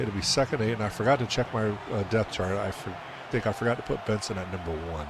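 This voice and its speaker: A man's voice: fairly low pitch, quick pace, background noise. Sleepy man calling video game football plays. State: sleepy, yawning late at night. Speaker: gaming channel host. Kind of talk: play-by-play commentary over a sports video game.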